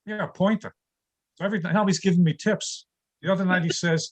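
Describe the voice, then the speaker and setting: An older man doing a stand-up comedy routine over a video call, delivering deadpan one-liners about his home life. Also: high-pitched, a little fast, poor audio.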